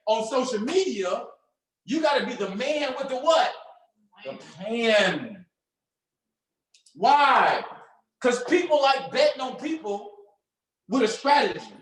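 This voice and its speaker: Energetic high-voiced male coach. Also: reverberant, poor audio. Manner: energetic, preachy, uses slang and call-and-response questions. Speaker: trading mentor. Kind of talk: motivational coaching talk.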